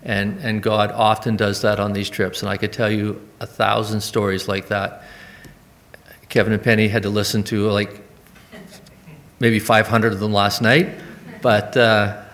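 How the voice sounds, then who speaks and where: A man's voice: lowish voice, little pitch movement, moderate pace, a bit bright. A man in his forties, a church member, telling a personal mission-trip testimony in earnest, rambling anecdotes with asides.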